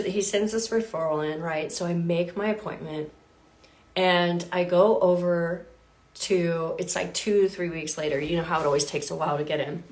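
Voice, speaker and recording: A woman in her thirties, a health coach, telling her own story to viewers in a lively, chatty way, full of fillers and acted-out quotes. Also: fairly low pitch. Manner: animated, acts out quoted voices, many fillers.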